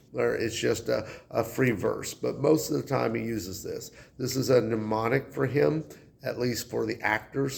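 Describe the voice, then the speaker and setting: Male English teacher, deep fry in the voice, relaxed classroom explainer. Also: slight background noise. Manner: relaxed, conversational, with fillers. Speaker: high school English teacher.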